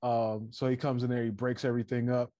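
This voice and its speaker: A man's voice: mid-range voice, fast, dry recording. Guy chatting loose, acts out quotes, cusses a lot, medium voice, dead dry sound. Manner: animated storyteller, acts out quotes, laughs often, swears freely. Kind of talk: casual chat.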